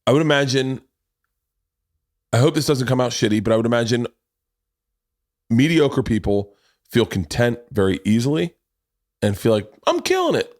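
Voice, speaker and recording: A man's voice: mid-range voice, normal speed, pauses often, darkish tone, no room sound, studio quality. A man in his forties hosting a podcast, telling rambling, self-deprecating stories full of restarts. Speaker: podcast host. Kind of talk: casual podcast conversation.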